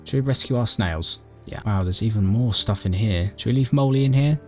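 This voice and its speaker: Lowish male gaming narrator, deadpan and mock-dramatic, over soft music. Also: fairly quick. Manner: dry, mock-dramatic, talks to his character. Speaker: gaming YouTuber narrating a playthrough. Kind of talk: comedic game commentary and narration.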